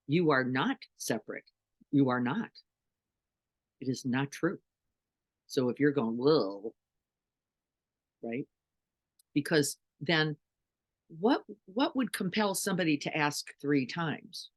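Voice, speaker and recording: A woman's voice: sits low, lively intonation, slow pace, pauses often. A middle-aged woman meditation teacher giving an earnest dharma talk, full of rhetorical questions to her listeners.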